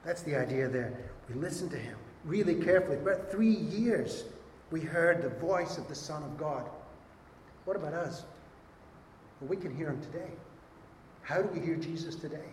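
Brief: lively male preacher, slightly higher voice, long hall reverb, faint room ambience. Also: normal speed, long pauses, a little hiss or hum. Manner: animated, acts out quoted voices. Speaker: pastor. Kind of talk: sermon.

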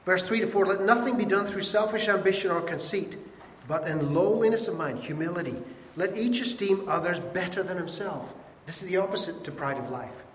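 A man's voice: sits high, a little fast, a little hiss or hum. A man preaching a sermon, conversational and earnest, acting out little quoted voices as he explains. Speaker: pastor. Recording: echoey hall with faint ambience.

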